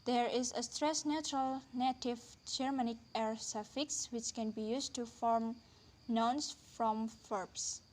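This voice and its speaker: A woman's voice: a little high, fairly even intonation. Woman reading a careful lesson aloud. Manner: careful, deliberate reading, slowing on example words. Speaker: lecturer. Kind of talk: read-aloud linguistics lesson.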